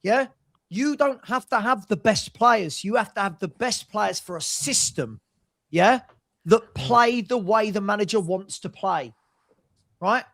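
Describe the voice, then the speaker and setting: A man hosting a live football watchalong, angrily ranting with rapid rhetorical questions and swearing. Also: high voice, expressive, creaky, a bit bright. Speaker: watchalong host. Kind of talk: heated live-stream football rant.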